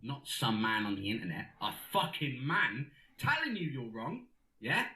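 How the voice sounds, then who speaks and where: In an echoey room, a comedian with a very animated, mid-range voice speaks at normal speed while playing a male conspiracy theorist. The character leaves furious voice messages, ranting in an abusive, sweary, shouting tirade.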